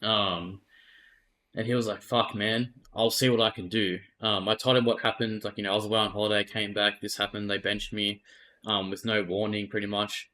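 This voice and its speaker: A man's voice: on the low side, flat delivery, normal speed, sharp tone. An Australian man, an esports player, candidly retelling events in a casual interview and swearing freely.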